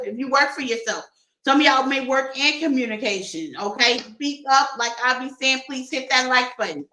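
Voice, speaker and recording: A woman's voice: a little high, sharp tone, roomy sound, rough recording. A woman doing a casual tarot reading for her viewers, playful and laughing often as she talks to them like friends. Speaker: tarot reader.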